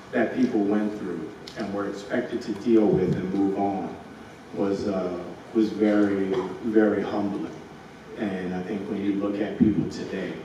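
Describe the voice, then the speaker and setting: A man speaking as an actor on a press panel, halting with many fillers and restarts. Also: fairly low pitch, darkish tone. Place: large convention hall. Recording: echoey hall, far from mic, faint hiss.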